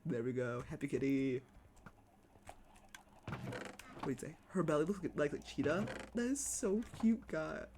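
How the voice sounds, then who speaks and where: A live streamer chatting casually over gameplay, excitable, repeating phrases and cooing over pets. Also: medium pitch, measured pace, pauses often, background noise.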